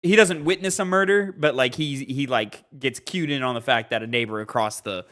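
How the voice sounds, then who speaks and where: Bright-voiced laid-back young man. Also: mid-range voice, normal speed. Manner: laid-back, laughs and swears casually. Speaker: podcast co-host. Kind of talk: casual chat.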